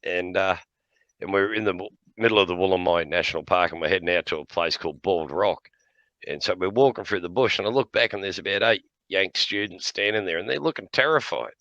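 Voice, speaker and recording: A man's voice: low voice, quick pace, fairly bright tone, no echo, muffled recording. An Australian man in casual chat, spinning tall tales with lots of laughter and the odd swear word. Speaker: podcast regular.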